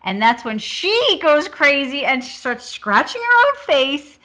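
A woman on a podcast, chatting casually about a film and retelling scenes with animated energy. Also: high-pitched, measured pace. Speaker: podcast co-host discussing a film. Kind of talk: casual chat.

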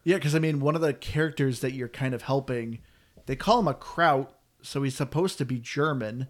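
A man's voice: medium pitch, moderate pace. A man hosting a casual chat, talking in a chatty, complaining way. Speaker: podcast host.

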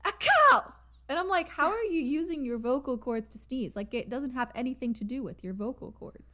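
A woman's voice: high-pitched, fairly quick. A young woman co-hosting a casual podcast chat, laughing often and telling stories with animation. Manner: giggly, animated storyteller. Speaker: podcast co-host. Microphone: remote call mic.

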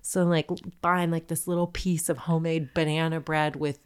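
A woman's voice: low-pitched, level tone, moderate pace, clear, resonant tone. A woman in her thirties co-hosting a podcast, telling a story in casual chat, swearing freely and acting out the people she quotes. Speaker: podcast co-host.

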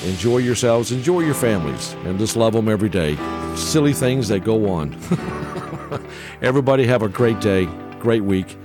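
A man's voice: on the low side, a little fast, music in the background. A man in his sixties hosting a podcast, telling a story in a casual monologue, chuckling often and tagging his lines with "okay?". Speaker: podcast host.

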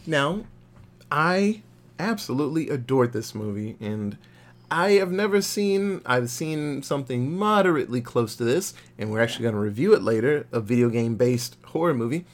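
Young guy on a podcast, swears a lot, lively storytelling about movies. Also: mid-range voice, moderate pace. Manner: profane, animated storytelling. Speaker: podcast co-host. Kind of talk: casual film review chat.

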